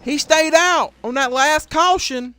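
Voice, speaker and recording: A young man calling a sim race, voice worn from shouting, getting louder and quicker as the pack bunches up. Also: extremely high pitch, no room sound. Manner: shouts and speeds up at crashes. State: voice giving out. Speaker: race commentator. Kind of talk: excited play-by-play commentary for a sim racing league.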